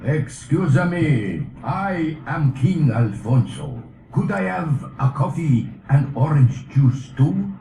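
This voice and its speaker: A polite cartoon king, with a dark, gravelly tone. He speaks slowly and formally. He is heard from a distance in a roomy clip with faint noise. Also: on the high side, animated, exaggerated voice. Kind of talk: cartoon voice acting.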